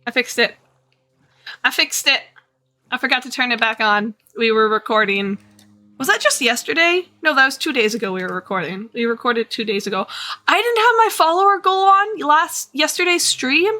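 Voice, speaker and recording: A woman's voice: high-pitched, animated, moderate pace, pushed and bright. A woman live streaming a game, chatting casually to her viewers with sarcastic, mock-bored asides. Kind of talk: casual livestream chat while gaming.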